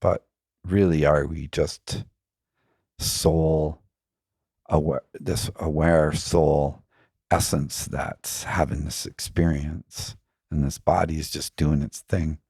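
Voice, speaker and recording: Give me a very deep, gravelly man musing as a podcast guest, dry and close. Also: little pitch movement, slow, a little mellow, dry recording. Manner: musing, frequent "you know" fillers. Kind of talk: reflective conversational storytelling.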